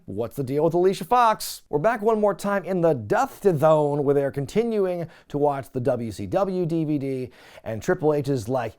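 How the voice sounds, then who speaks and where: Man host, slightly high voice, very animated delivery, casual recap chat. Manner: animated, chatty, frequent "like" fillers. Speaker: wrestling recap podcast host.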